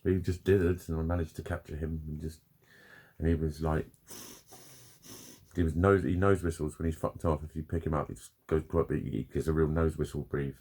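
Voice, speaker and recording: A man's voice: rumbling low, flat delivery, a little fast, mellow, slightly rough. A man venting in a rambling, sweary, self-critical vlog. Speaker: vlogger. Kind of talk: casual confessional vlog.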